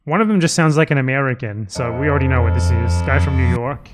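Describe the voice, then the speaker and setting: A man's voice: mid-range voice, fast, over loud music. A man streaming live and commenting sarcastically on a video, swearing often. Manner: sarcastic, profane, animated.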